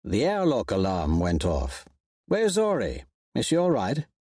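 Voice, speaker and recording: A man voicing a kind young woman who speaks softly with a lilting, concerned tone. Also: on the low side, wildly swooping pitch, unhurried, no echo, clean studio sound, exaggerated voice.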